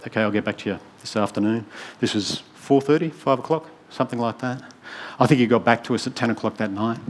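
Man telling church stories. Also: on the low side. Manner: storytelling, voicing each person he quotes. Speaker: church worship leader. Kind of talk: testimony sermon to a congregation.

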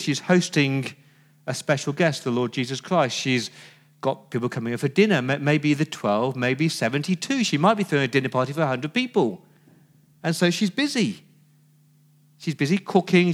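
Male pastor, conversational sermon, rhetorical questions, voice a bit high.

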